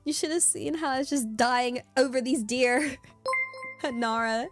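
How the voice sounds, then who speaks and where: A woman's voice: sits high, unhurried, faint music behind. A young British woman with a mixed rural accent, chatting casually on a livestream in a bubbly, giggly, rambling way. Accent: British, mixed rural and taught English. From United Kingdom. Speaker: streamer.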